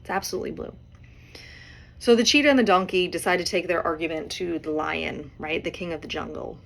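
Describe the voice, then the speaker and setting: A woman in her forties hosts a solo podcast and talks through a personal story. She speaks in a conversational way, often checking in with tag questions, and her voice sits somewhat low for a woman. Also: fairly quick, gravelly. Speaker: podcast host.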